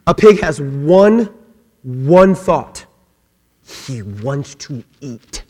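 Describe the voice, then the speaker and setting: A man preaching a sermon as a pastor, animated and humorous, acting out little voices to make his point. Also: a little high, extremely slow. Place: church sanctuary. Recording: long hall reverb.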